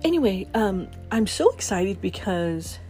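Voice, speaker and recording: Mellow-voiced bubbly woman podcast host. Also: big pitch swings, unhurried, faint music behind. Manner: bubbly, laughs often, talks to her dog in a high baby voice. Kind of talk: casual morning podcast chat.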